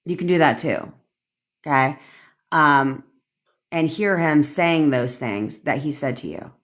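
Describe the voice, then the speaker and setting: A woman's voice: sits low, slow pace. A woman manifestation coach talking casually on a phone livestream, chatty and cursing often as she answers viewers. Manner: chatty, frequent profanity, addresses viewers by name.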